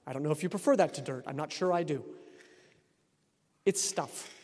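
A man's voice: fairly high pitch, normal speed, a little mellow. A man from Texas, preaching a sermon as a priest in a conversational way with wry asides. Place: church. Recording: long church reverb.

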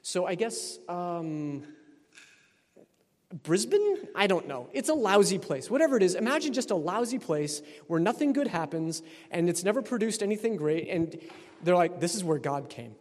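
A male priest with a drawl preaches in an easy, conversational tone, slipping in dry humorous asides. His voice sits a little higher than most men's. It rings out with the long reverb of a church. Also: expressive, moderate pace, darkish tone. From Texas. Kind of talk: sermon.

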